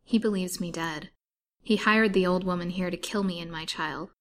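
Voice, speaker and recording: A woman's voice: lowish voice, moderate pace, lightly acted. A woman reading aloud in the voice of a weak, bitterly wronged young wife, earnest and pleading.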